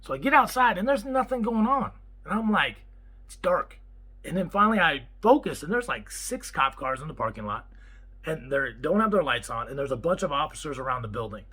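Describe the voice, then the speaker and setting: A man, a property manager, telling a story in a casual vlog and acting out the quotes in an excitable way. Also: fairly high pitch, a little fast, slightly rough, low-quality recording. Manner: animated, excitable retelling with acted-out quotes.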